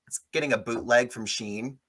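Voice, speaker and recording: A man hosting a casual movie review chat, sarcastic and animated, mocking the film with quick impressions. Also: mid-range voice.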